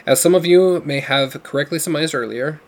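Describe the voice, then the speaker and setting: A man voicing a gruff, commanding older father who talks in a booming, demanding way. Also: a little fast, natural voice. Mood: urgent, commanding.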